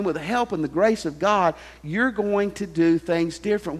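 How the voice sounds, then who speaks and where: A pastor preaching a sermon, telling a story and sinking to a soft hush on key lines. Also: male voice, sits high. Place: large church hall. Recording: long hall reverb with faint music.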